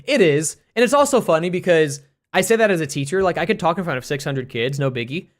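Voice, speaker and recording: An American streamer and teacher telling a story casually on a live stream, in an animated, rambling way, full of restarts and fillers. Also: medium pitch, fast. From United States.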